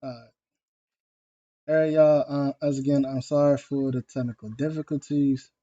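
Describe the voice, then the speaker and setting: Blunt and profane, a livestream host chats casually in a warm, steady, medium-pitched voice at a moderate pace. The stream audio is dull and lo-fi.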